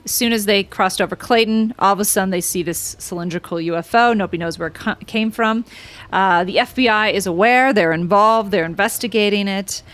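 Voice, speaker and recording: A woman hosting a podcast in casual chat, rambling and excitable with many fillers. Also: medium pitch, brisk. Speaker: podcast host.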